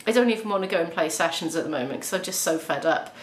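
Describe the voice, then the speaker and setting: Talking straight to camera from inside her home, this vlogger rambles in a chatty, emotional manner. She has a fairly low pitch, speaks fast and animatedly, and the room sounds echoey.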